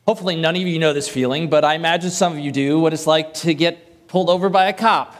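A man's voice: on the high side, fast talker, hardly any pauses. A man preaching a sermon in a conversational way, with light self-deprecating humor, from the Northern US.

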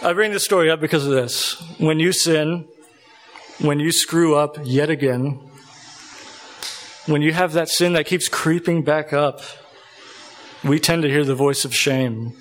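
Earnest male preacher giving a sermon. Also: a little high. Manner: earnest, emotional, pauses to collect himself.

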